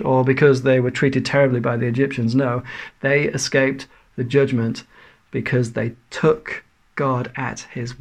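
A man's voice: medium pitch, vocal fry. A man preaching a sermon to his congregation, earnest and full of rhetorical questions. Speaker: pastor.

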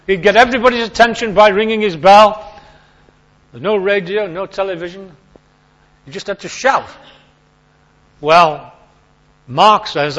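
Chatty preacher, lo-fi recording. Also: male voice, high-pitched, normal speed, pauses often, a bit bright. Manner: chatty, emphatic, repeats key phrases. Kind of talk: informal sermon.

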